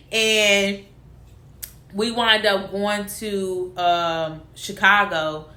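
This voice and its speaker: A woman's voice: medium pitch, extremely slow. A young woman, casually telling a personal story and acting out the voices of family members. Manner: animated, acts out quotes of family. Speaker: vlogger. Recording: echoey room.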